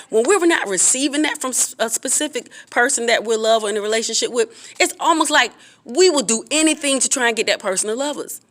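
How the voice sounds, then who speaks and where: Woman, earnest preachy advice vlogger, emphatic pitch jumps. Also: expressive, a little fast, fairly bright tone. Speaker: vlogger giving relationship advice. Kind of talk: casual advice talk to camera.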